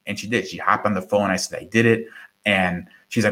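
Middle-aged guy, kinda low voice, telling a story animated, does little voices for people. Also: fairly quick. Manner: animated, acts out quoted voices, repeats words. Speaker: guest. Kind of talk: conversational storytelling.

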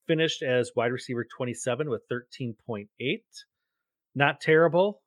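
A man's voice: mid-range voice, normal speed, no room sound. A man co-hosting a podcast, talking through picks and stats in casual chat. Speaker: podcast co-host. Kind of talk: casual sports betting chat.

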